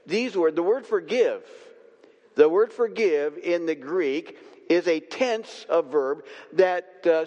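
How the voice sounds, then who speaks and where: A man preaching a sermon as pastor, slow and emphatic, with long pauses and repeated refrains, in a church sanctuary. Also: high-pitched, darkish tone, highs cut off. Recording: long reverb of a church hall.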